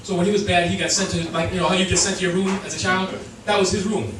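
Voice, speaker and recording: A male stand-up comedian telling a story on stage, animated and acting out voices while laughing through his lines. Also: sits high, fast, background noise. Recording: echoey club sound from far off with crowd. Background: laughing audience.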